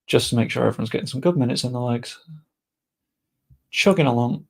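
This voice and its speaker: Young guy, gravelly voice, mutters casual game commentary, swears offhand. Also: medium pitch, fairly quick. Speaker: gaming streamer.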